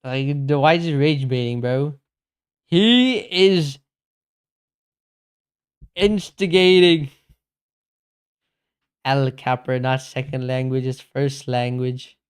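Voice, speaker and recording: A man's voice: medium pitch, flat delivery, normal speed, few pauses, clean tone. A young man streaming games, chatting casually with his chat and reading messages aloud, laid-back and saying "bro" a lot. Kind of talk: casual live-stream chat while gaming.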